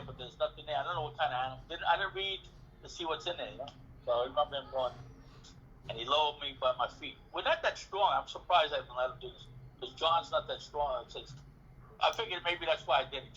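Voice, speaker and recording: A man being interviewed, telling a story in a casual, animated way, acting out dialogue and swearing freely. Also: on the high side, fast, slight background noise. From New York City. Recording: dull lo-fi recording.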